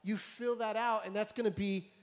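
A man's voice: sits high, moderate pace. A male pastor preaching a casual, conversational sermon to a congregation and acting out conversations as he tells stories. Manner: conversational, animated, acts out dialogue. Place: church hall before a congregation.

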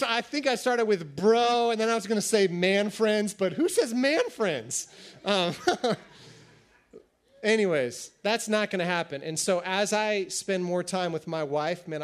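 A man with a notably high voice preaches a sermon in a loose, conversational way. He keeps it light, slipping in jokes and playful asides as he talks to his listeners. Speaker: youth pastor.

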